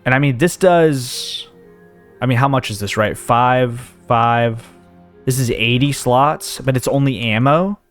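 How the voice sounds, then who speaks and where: This gaming channel host talks a little slowly in a medium-pitched voice, with faint music in the background. He has a case of the hiccups while rambling and thinking aloud about his inventory in a casual let's play.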